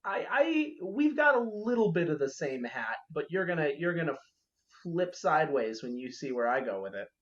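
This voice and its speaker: Woman co-host, playful and teasing, with a bouncy, lively delivery. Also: low voice, normal speed, lo-fi sound. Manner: playful teasing, mock outrage. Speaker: podcast co-host. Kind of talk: casual chat.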